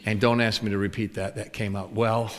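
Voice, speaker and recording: A lowish-voiced male preacher speaks a little fast, acting out both sides of a conversation as he tells a story in his sermon with animated delivery. Long reverb echoes through the hall.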